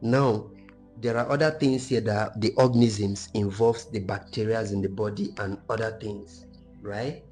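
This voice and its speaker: A man's voice: on the low side, steady tone, unhurried, a little mellow, faint music behind. Young man explaining like a lecturer. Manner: explaining, lecturing tone with checks like "right?". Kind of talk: casual group discussion.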